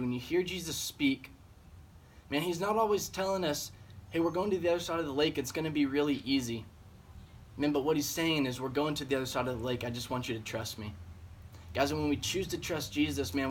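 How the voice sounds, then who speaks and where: A man's voice: mid-range voice, slight background noise. Earnest young-sounding man giving a devotional. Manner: earnest, heavy on fillers like "man" and "um". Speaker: junior high director. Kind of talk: casual devotional talk.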